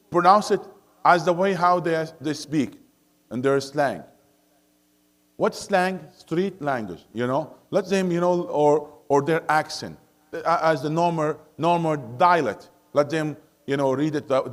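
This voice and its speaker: A man teaching a Quran study circle in a mosque classroom, his voice sitting a little high. He moves between English and Arabic and checks in with the class through constant questions. Now and then he recites verses in a melodic chant.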